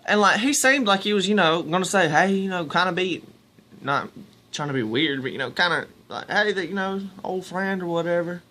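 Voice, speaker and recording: A young man with a drawl tells stories to his camera. His voice sits a little high for a man. He rambles, restarts his sentences and keeps calling out to his viewers as "y'all". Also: lively intonation, moderate pace, pushed and bright, slight background noise. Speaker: vlogger. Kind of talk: casual storytelling to camera.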